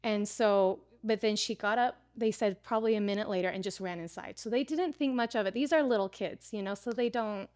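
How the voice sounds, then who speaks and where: A woman's voice: medium pitch, fairly quick, hardly any pauses, a little mellow, no echo. Chatty woman guest, dry close sound. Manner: chatty, lots of "like" fillers. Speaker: guest, preparedness teacher. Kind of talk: casual storytelling in an interview.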